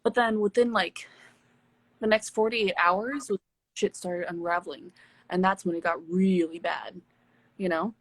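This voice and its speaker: Husky-voiced woman telling a story. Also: lowish voice, measured pace, no echo. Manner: candid, swearing, animated storyteller. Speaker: live stream host. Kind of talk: casual storytelling chat. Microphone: phone on a live stream.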